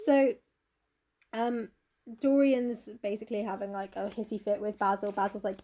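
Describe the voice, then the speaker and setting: A woman's voice: mid-range voice, level tone, normal speed, dark tone. A woman co-hosting a podcast, animatedly retelling a classic novel, swearing freely and acting out the characters. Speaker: podcast co-host.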